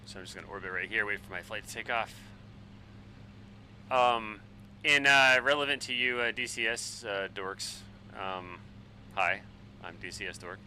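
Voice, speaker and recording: A man in his forties, a bit tipsy on wine, rambling and swearing excitably while chatting on a flight sim live stream. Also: fairly low pitch, moderate pace, pauses often, slight background noise, poor audio. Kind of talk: casual live-stream chat while flying.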